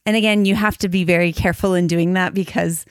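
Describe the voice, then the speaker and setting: Thoughtful woman with a lowish voice. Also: steady tone, clear, resonant tone, no room sound, clean studio sound. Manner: thoughtful, measured, slows down to spell out examples. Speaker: podcast co-host. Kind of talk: casual conversation about marriage and faith.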